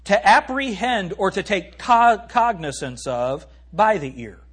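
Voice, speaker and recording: A man preaching a sermon as pastor in a church, animated and swinging from loud to hushed, reading scripture slowly and emphatically. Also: high voice, breathy edge. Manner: reads scripture in a slow, emphatic cadence. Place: church sanctuary.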